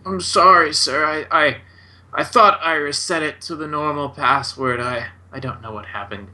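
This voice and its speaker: A man's voice: on the high side, normal speed, bright, forceful tone, voice pushed up. A man doing a stammering old wizard. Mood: flustered. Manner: stammering, apologetic.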